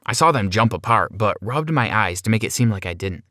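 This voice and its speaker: A man narrates a first-person story in a plain, conversational manner. His voice sits low. The recording is close and dry, with no room sound. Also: animated, fairly quick, pushed and bright, dry recording.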